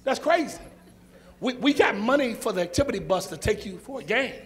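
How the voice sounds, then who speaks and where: A man's voice: high-pitched, lively intonation, quick pace, crowd noise. A male pastor, preaching a sermon in a church with rhythmic, repetitive phrasing and call and response.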